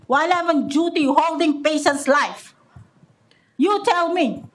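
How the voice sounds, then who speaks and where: A woman's voice: high voice, a little slow. A woman giving an angry, accusatory public comment at a council meeting, often repeating her words. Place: council chamber.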